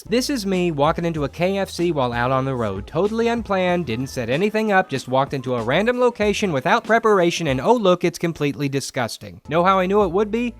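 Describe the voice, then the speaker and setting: A man in his late twenties delivers a scripted commentary, sarcastic and emphatic, dropping slang as he goes. His voice sits high for a man. Faint music plays under him.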